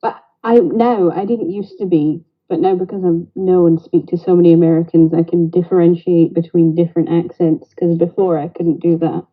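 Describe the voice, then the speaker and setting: A woman's voice: fairly low pitch, little pitch movement, normal speed, few pauses. Mancunian woman on a dull call line. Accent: Northern English, Greater Manchester. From England. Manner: chatty, laughs easily. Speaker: caller. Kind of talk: casual chat. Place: garden outdoors in rain.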